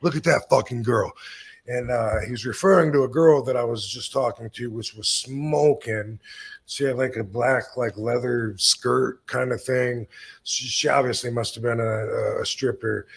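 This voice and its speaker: A man in his fifties tells a story on his own podcast, loose and rambling, with plenty of swearing. His voice sits at a middle pitch and carries a gravelly, fry-edged texture. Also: a little slow. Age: 50s. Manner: laid-back, swears freely, rambling with fillers. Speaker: podcast host. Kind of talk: casual storytelling.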